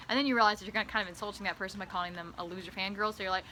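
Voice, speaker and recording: A woman vlogging in a comedic monologue, rambling and tripping over repeated words, swinging between loud bursts and hushed asides. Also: mid-range voice, steady tone, racing, few pauses, slight background noise. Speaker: author vlogger.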